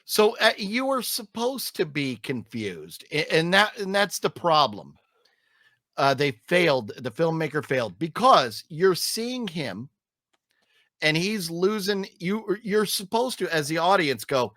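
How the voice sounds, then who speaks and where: A man rants his way through a movie review with a fairly high voice that swoops up and down. He is profane and animated, and he mocks the film's scenes. The sound is close and dry. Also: a little slow, dry recording. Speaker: film reviewer, podcast host. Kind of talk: casual movie review chat.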